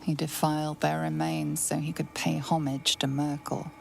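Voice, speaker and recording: A woman narrating a dark fantasy game in a grave, measured storytelling voice. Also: low voice, little pitch movement, creaky, soft background music.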